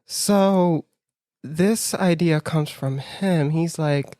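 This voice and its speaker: A man's voice: a little high, extremely slow, no room sound, clean studio sound. A man co-hosting a casual podcast, telling a dating story with lots of "like" and acting out his own reactions in quoted voices. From United States, near New York. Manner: animated, acts out his own lines in quotes; frequent "like" fillers, laughs through story. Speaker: podcast co-host.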